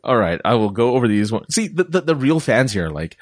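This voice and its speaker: Husky, lively man reading quiz questions. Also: mid-range voice, fairly quick, no room sound, clean studio sound. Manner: playful, laughs often, reads questions aloud. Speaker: podcast co-host. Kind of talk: casual quiz chat.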